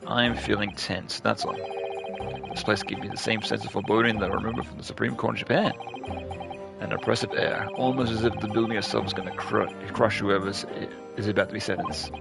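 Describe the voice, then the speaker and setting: A man's voice: on the low side, fairly even intonation, fairly quick, vocal fry. A man reading the part of an anxious young defense lawyer, hesitant, over game music. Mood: uneasy.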